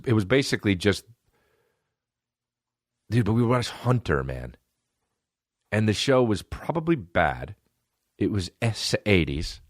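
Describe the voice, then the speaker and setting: A man's voice: deep voice, no echo, clean studio sound. A man hosting a podcast, telling rambling, profane childhood stories in a casual comedic monologue. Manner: rambling, profane, animated storytelling. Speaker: podcast host.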